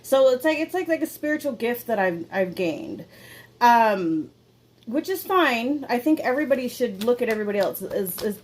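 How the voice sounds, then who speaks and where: A woman's voice: on the high side, slight background noise. A young adult woman hosting a casual confessional podcast at home, rambling candidly with lots of fillers and swearing. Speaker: podcast host. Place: indoor room at home.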